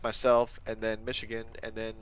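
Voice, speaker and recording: A man's voice: lowish voice, monotone, a little fast, slight background noise. A man chatting casually as a player at a tabletop game, rambling and playful. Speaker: player and organizer of the group.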